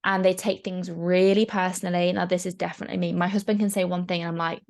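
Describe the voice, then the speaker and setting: A young woman coaching in a casual, chatty talk, frank and quick to swear. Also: lowish voice, little pitch movement, creaky, darkish tone. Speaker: mindset coach.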